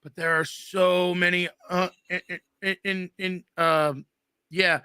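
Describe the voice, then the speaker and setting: A man's voice: high-pitched, level tone, pushed and bright, clean tone, dry recording, clean studio sound. A man in his thirties, guest host, telling crude, joking stories in a casual chat. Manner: profane storytelling, quick and joking.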